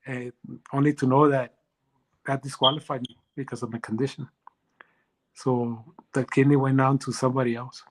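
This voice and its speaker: A man as an interview guest, telling a personal story in a halting way with many restarts. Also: medium pitch, steady tone, low-quality recording.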